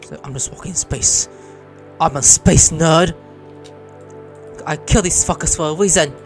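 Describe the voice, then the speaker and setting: A man's voice: a little high, a little slow, soft background music. A man doing let's play commentary, exclaiming and swearing at what happens on screen. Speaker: gaming YouTuber.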